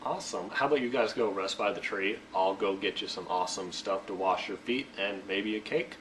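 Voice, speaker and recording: A young man plays an ancient patriarch as a laid-back dude, full of slang and eager to impress his guests. The voice sits fairly low. It is caught from a little way off the mic with a faint hiss underneath. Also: fairly quick. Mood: excited. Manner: slangy, excited, casual. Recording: faint noise, distant mic.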